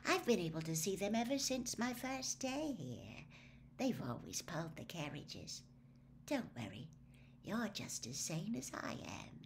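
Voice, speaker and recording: A woman voicing a dreamy, unflappable teenage girl witch, speaking in a soft, calm, quiet way. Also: medium pitch, unhurried, a little hiss or hum.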